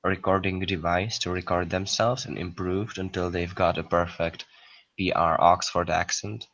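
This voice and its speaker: A man's voice: sits low, flat delivery, moderate pace, fairly bright tone, lo-fi sound. A young man chatting casually with friends indoors, curious and hesitant, often restarting his sentences. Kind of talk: casual chat.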